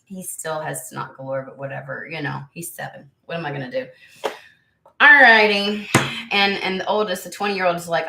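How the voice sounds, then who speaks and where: Chatty middle-aged woman, bright echoey voice. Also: fairly low pitch, normal speed, gravelly. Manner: chatty, blunt, talks to chat by name. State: recovering from illness, voice still affected. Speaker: tarot channel host. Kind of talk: casual livestream chat with viewers.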